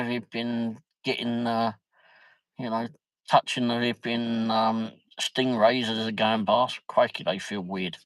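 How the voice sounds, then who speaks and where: A man's voice: mid-range voice, no room sound, poor audio. A man chatting casually on a livestream, rambling through a funny anecdote with lots of laughter. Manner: rambling, laughs often, peppers speech with "flipping". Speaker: livestream host.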